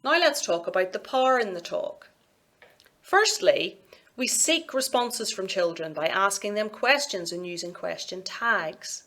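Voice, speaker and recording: A woman with a Scottish accent giving a recorded university lecture, explaining clearly and in a measured way, with sing-song examples. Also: medium pitch, lively intonation, fairly bright tone.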